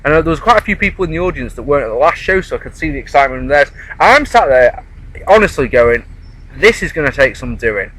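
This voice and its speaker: A man's voice: fairly high pitch, very animated, quick pace, a bit bright, rough recording. A man chatting casually outdoors in a park, rambling through a wrestling show review. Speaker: wrestling vlogger.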